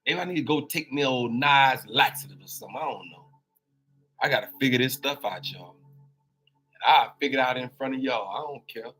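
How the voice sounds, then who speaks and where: A man with a bright, forceful voice at a middle pitch, delivering a preacher-style monologue on his own live show. He talks informally, circles back over his words and speaks straight to his listeners as y'all. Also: fairly quick, breathy edge. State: on a crutch with a swollen knee. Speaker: host of a daily live talk show.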